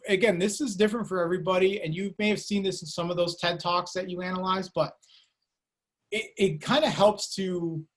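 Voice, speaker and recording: Male lecturer, slightly high voice, casual and rambling, lots of fillers, video-call lecture. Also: fairly even intonation, fairly quick. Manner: casual, rambling, frequent fillers and self-corrections. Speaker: university lecturer. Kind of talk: online lecture.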